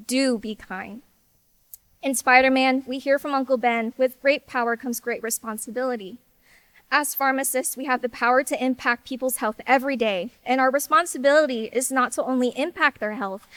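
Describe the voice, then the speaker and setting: A woman's voice: high voice, no room sound. A woman in her twenties, class president, giving an earnest ceremony speech at a graduation-style event. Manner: earnest, warm and a little emotional. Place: hall with audience.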